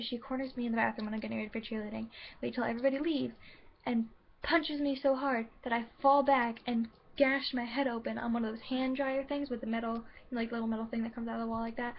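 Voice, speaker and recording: A woman's voice: a little high, muffled recording, slight background noise. A young woman in her late teens telling her own story to camera, candid and hesitant, with many filler words and restarts. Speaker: vlogger.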